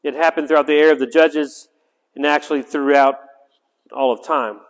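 A man's voice: on the high side, steady tone, moderate pace. A man teaching a Bible study, reading scripture aloud and breaking into chatty asides that end in "right?". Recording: long reverb in a hall.

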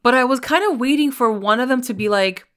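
A woman's voice: fairly high pitch, quick pace, a bit bright. A woman co-hosting a podcast, talking eagerly and casually about a TV show's storylines, with many fillers. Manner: enthusiastic, chatty, frequent fillers. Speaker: podcast co-host. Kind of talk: casual chat recapping a TV episode.

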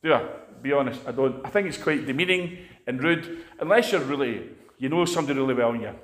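A man's voice: mid-range voice, expressive, quick pace, a bit bright, roomy sound. A man with a Scottish accent preaching a conversational sermon, telling stories in a chatty, anecdotal way.

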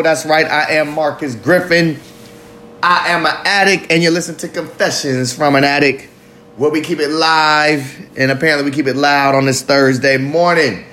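A man's voice: fairly high pitch, pushed and bright. A man hosting a live recovery talk show, talking loosely and profanely in a confessional monologue, sometimes drawing out his words. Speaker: podcast host.

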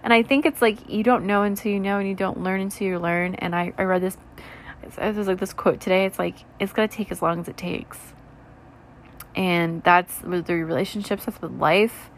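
A tired woman in her twenties, rambling candidly in a soft, low voice during a late-night reflective vlog chat, with lots of "like" and "you know". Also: steady tone, moderate pace, a little hiss or hum. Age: 20s. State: tired, yawning. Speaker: vlogger.

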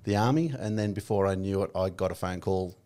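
A middle-aged Australian man, a podcast guest, talking in a relaxed and plainspoken way with lots of ums and uhs. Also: deep voice, a little fast. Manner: relaxed, plainspoken, many fillers. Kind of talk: casual podcast interview.

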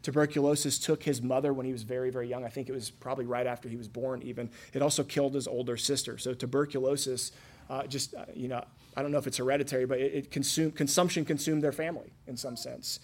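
A man in his thirties preaching a sermon, telling stories earnestly and asking his listeners rhetorical questions, shifting between loud and hushed. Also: mid-range voice, fairly even intonation, quick pace. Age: 30s. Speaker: pastor.

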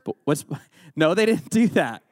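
A man teaching a Bible lesson to young listeners, playful and teasing as he fires questions at them. His voice sits a bit higher than most men's. The sound is dry and close, with little room echo. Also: very animated, a little slow, darkish tone. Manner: playful, joking, quizzes the audience. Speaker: youth pastor. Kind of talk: interactive Bible lesson sermon.

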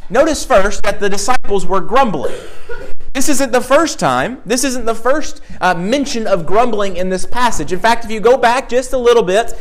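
Emphatic high-voiced male preacher. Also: poor audio. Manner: emphatic, repetitive preaching cadence. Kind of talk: sermon.

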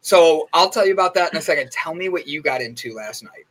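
A chatty male host tells rambling morning stories in a relaxed, casual way. His voice sits a bit high for a man and has a bright, forward edge. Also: quick pace, low-quality recording. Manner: chatty and rambling, with many fillers. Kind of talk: casual chat.

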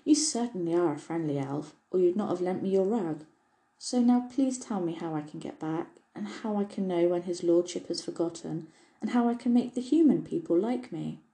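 A woman's voice: lowish voice, expressive, moderate pace, dark tone, roomy sound, low-quality recording. A woman voicing a tiny absent-minded fairy who is eager and tries to sound dignified, in a storybook reading. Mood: flustered.

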